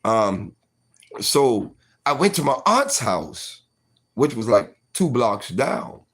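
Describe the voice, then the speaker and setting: A man's voice: medium pitch, sing-song, takes it slowly, slightly rough. A man in his forties telling a personal story casually, full of fillers like "you know what I mean".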